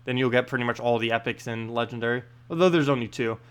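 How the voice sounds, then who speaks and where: A man's voice: medium pitch, fast, clean tone. A man casually commenting on his gameplay during a live stream and answering viewer questions. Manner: relaxed, thinks aloud, lots of uh and um. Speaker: game streamer.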